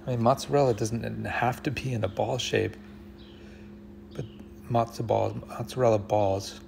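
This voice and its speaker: Man, low voice, gravelly, thinking aloud over a puzzle, half-whispered musing, faint background hiss. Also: fairly even intonation, moderate pace, darkish tone. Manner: muses half to himself, drops to near whispers. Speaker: puzzle channel host. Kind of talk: thinking aloud while solving a word puzzle.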